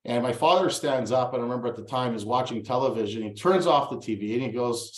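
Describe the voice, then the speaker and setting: A man's voice: medium pitch, quick pace, hardly any pauses. Earnest male coach in an echoey room. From Toronto, Canada. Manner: earnest, acts out remembered dialogue with stammered restarts. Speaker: real estate coach. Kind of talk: motivational storytelling.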